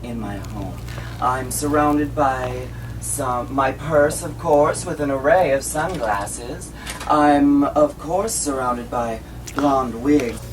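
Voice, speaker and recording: A man putting on an affected, slow, grand drag-queen voice for an old audition tape. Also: medium pitch, music in the background, voice pushed up, close to an everyday voice. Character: languid campy drag queen persona, grand and self-mocking. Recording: distant, noisy old camcorder audio.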